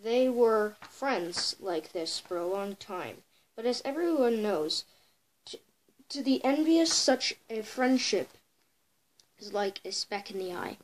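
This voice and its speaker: A woman's voice: mid-range voice, lively intonation, takes it slowly, rough recording. A girl telling a folk tale for a home video, reading with many stumbles and self-corrections. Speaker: storyteller.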